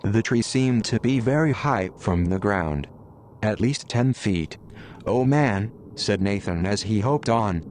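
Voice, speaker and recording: Male narrator for a homemade audio story; low, slow, plain delivery. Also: a little hiss or hum. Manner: plain, steady storybook reading. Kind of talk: reading his own story as an audio drama.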